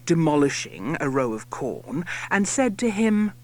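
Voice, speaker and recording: A man's voice: on the high side, sing-song, unhurried. Playful, theatrical male storybook reader. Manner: theatrical, playful, whispering some lines. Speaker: audiobook reader. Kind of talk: expressive rhyming storybook narration.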